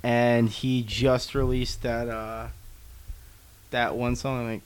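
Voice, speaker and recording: A man's voice: mid-range voice, level tone, slow, clean tone. A young man co-hosting a casual podcast chat, telling stories animatedly, swearing freely and acting out quotes. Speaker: podcast co-host.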